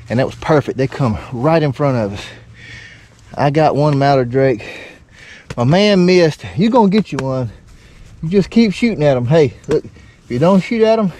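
A man, a father hosting a casual duck hunting vlog outdoors by the water, talking excitedly. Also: a little high. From Alabama. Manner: excited, laid-back Southern drawl, hushed whispers when birds near. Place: outdoors at a marsh blind by water. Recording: outdoor camera mic with faint wind and water noise.

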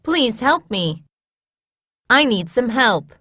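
Slow, lively-voiced woman reading classroom phrases. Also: on the high side, no room sound, studio quality. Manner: clear, measured teacher-like delivery.

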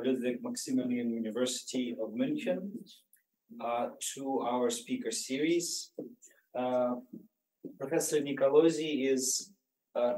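A man introducing a guest speaker in a formal, halting way, with many "uh" fillers. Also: mid-range voice, darkish tone. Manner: many "uh" fillers, slow deliberate delivery. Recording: roomy lecture hall, distant mic.

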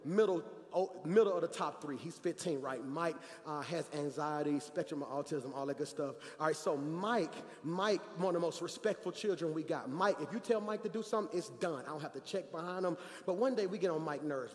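High-voiced preaching pastor, man, echoing hall. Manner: animated, swings from quiet asides to shouting. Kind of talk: energetic sermon storytelling. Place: large church hall. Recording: reverberant church hall.

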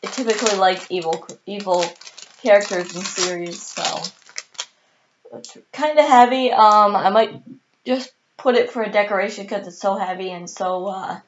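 A woman vlogger chatting casually and excitedly, with the hiccups, filling pauses with lots of ums and sos. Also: medium pitch, muffled recording, slight background noise. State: has the hiccups. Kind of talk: casual haul video chat.

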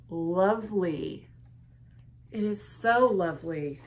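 A woman hosting a casual unboxing video, gushing and lingering over each item, sometimes dropping to a hush. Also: fairly low pitch, slow pace, slight background noise. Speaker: unboxing vlogger.

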